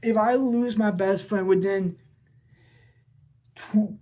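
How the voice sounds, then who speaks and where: A man's voice: high-pitched, steady tone, slow pace, pauses often, mellow. A man vlogging an unscripted, rambling monologue to his father, repeating himself and asking pleading questions. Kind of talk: unscripted personal vlog monologue.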